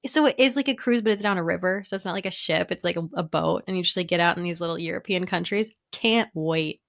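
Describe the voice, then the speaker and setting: A woman's voice: fairly low pitch, quick pace, vocal fry, fairly bright tone. A woman co-hosting a podcast in casual chat, telling candid stories about her own life. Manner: candid, storytelling with laughs between phrases. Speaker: podcast co-host.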